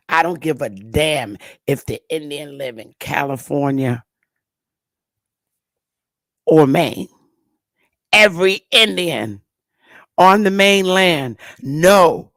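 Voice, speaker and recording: A woman's voice: deep voice, no echo, studio quality. A woman host delivering an impassioned commentary monologue, blunt and emphatic, with frequent profanity.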